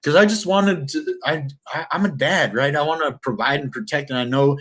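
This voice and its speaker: A man's voice: fairly high pitch, normal speed, a bit bright, husky. A middle-aged man telling his life story to camera in casual, rambling talk, earnest and emotional, with many restarts and self-corrections.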